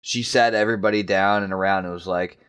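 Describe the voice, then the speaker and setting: A man's voice: deep voice, fairly even intonation, fast talker, a bit bright, clean tone. A man on a book podcast, talking hesitantly and restarting his sentences as he reacts to a chapter. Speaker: podcast co-host, first-time reader. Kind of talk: casual book discussion.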